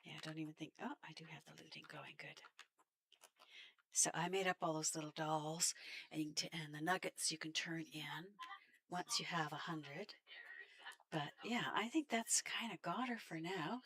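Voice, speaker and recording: Canadian woman streamer, low and gravelly, chatty commentary, laughs a lot. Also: lively intonation, normal speed, a bit bright. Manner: chatty, laughs often, talks to enemies. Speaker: game streamer. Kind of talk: casual gameplay commentary.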